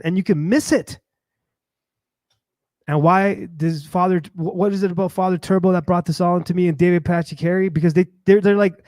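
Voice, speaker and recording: A man hosting a podcast, telling a rambling, lively story and acting out the voices of people he met. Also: fairly high pitch, fairly quick, no room sound, studio quality. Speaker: podcast host. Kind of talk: animated storytelling monologue.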